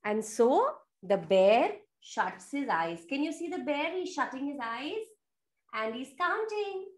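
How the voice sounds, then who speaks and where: A woman telling a story to young children over a video call, in an animated, sing-song way. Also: high-pitched, slow pace.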